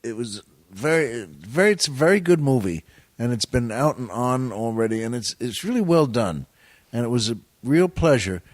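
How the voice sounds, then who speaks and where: A man of middle pitch spins rambling, self-deprecating show business tales as a podcast guest. He circles back and restarts as he goes. His voice sits close on a dry studio mic with no room around it. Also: expressive, moderate pace, no echo. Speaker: guest comedian and actor. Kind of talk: anecdotal storytelling on a podcast.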